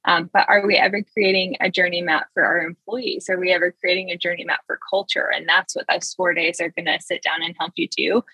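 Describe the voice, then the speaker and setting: A woman's voice: fairly low pitch, little pitch movement, brisk, few pauses, sharp tone, slightly rough, no echo, muffled recording. A woman guest in an interview, talking enthusiastically about her work with many fillers and restarts. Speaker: marketing executive, guest. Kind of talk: conversational interview.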